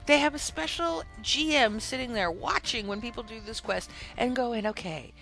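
Podcast host, casual game storyteller, animated and exasperated, crisp bright tone. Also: medium pitch, normal speed, faint music behind. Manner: animated, exasperated retelling with acted-out quotes.

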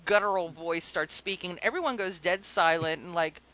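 A woman co-hosting a gaming podcast, telling stories in a giggly, animated way. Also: fairly low pitch, brisk, a crowd in the background. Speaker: podcast host. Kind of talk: casual chat.

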